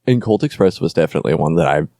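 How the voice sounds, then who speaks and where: Male podcast host, low gravelly voice, dry close sound, rambling and joking. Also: expressive, mellow, no room sound. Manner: joking, rambling, quick self-corrections. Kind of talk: casual chat about board games.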